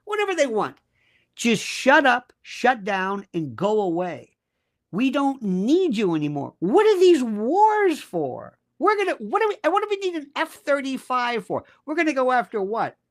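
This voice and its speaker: Man, guest commentator, emphatic, sarcastic, lively swooping pitch, political rant. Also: unhurried. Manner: emphatic, sarcastic, jumps between topics.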